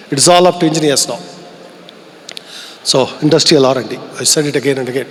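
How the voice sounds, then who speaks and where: A man's voice: medium pitch, quick pace, long pauses, fairly bright tone, a little hiss or hum. A man with an Indian English accent giving an earnest, reflective conference keynote, posing rhetorical questions to the audience. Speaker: keynote speaker. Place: large event hall. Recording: long reverb of a large hall.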